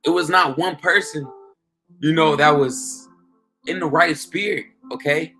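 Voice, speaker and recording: A man's voice: fairly high pitch, unhurried, bright, forceful tone. Fiery man preaching with faint music. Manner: emphatic, peppers talk with "man" and "okay?". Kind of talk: informal street preaching.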